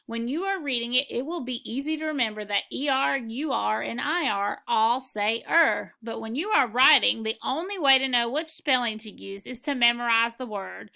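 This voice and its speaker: A woman's voice: on the high side, normal speed, vocal fry, few pauses, pushed and bright. A woman teaching a phonics lesson, patiently sounding out letters and reading words aloud for learners to repeat. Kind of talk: slow, clear classroom instruction.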